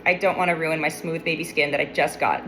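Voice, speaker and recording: A woman's voice: low-pitched, steady tone, quick pace, bright, forceful tone, a little hiss or hum, voice pushed down. Woman doing a sulky Jonah. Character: sulky, self-pitying grown man Jonah.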